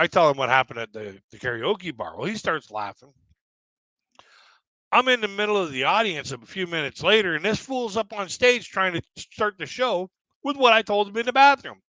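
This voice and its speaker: A Canadian man hosts a livestream, his slightly high voice bright and forceful. He tells stories in a rambling, casual chat, restarting often and chuckling along the way. There's no room sound, and the recording is rough.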